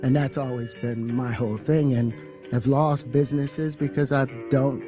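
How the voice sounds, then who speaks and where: A man's voice: mid-range voice, fairly even intonation, normal speed. Emphatic man over music. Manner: forceful, emphatic, preachy about manhood. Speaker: actor being interviewed. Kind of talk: interview storytelling. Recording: interview clip with music under it.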